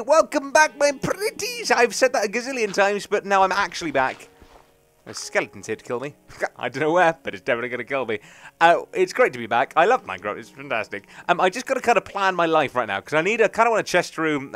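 A man's voice: on the high side, sing-song, quick pace, fairly bright tone. A young man, rambling and joking through casual let's play commentary. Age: young adult. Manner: rambling, chatty, jokey. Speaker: gaming commentator.

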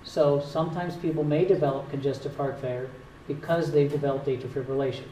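A man's voice: fairly high pitch, steady tone, a little fast, mellow. A man with a Northern US accent, a cardiologist, patiently explaining heart health to an audience with a few dry jokes. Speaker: cardiologist giving a talk. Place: community hall at a retirement home. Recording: echoey hall, distant mic, faint hiss.

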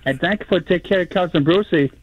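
An older man from New York phones into a radio request show, his fairly high voice muffled and dull over the line. He speaks haltingly, with a longtime fan's affection. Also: dry recording. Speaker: caller.

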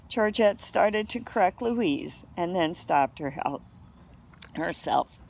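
A woman reading a children's novel aloud in a steady, unhurried way. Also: fairly low pitch, creaky. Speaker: reader.

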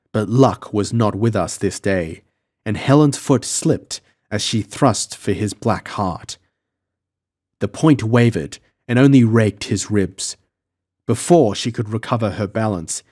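Low-voiced man narrating an audiobook. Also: a little mellow. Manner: measured storytelling. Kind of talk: scripted first-person narration.

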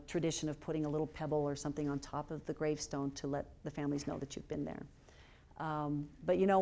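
A middle-aged woman speaker telling a personal story to a lecture audience, earnest, with many fillers, dropping to a hush at moving parts. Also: deep voice. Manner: earnest, hushed when moved, many fillers. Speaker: guest speaker. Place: lecture hall.

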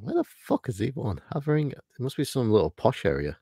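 A man's voice: medium pitch, sing-song, fairly quick, dark tone, slightly rough, dry recording, studio quality. A man from the East Midlands, co-hosting a casual chat in a rambling, laid-back way. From England, East Midlands. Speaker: co-host.

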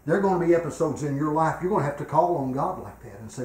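An older man preaching a revival sermon in a church, swinging between loud, emphatic exhortation and quiet personal storytelling. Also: on the high side, expressive, fast talker. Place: church sanctuary. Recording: echoey church room.

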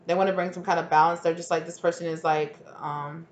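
A woman's voice: on the low side, flat delivery, fairly quick, a little hiss or hum. A woman giving a casual tarot reading, rambling with lots of "like" and sudden exclamations. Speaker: tarot reader.

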